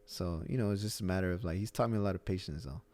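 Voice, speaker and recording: A man's voice: deep voice, very fast, darkish tone. A middle-aged man who owns a gym, chatting casually and telling rambling stories with lots of restarts. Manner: rambling storyteller with many restarts. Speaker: gym owner. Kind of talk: casual podcast conversation.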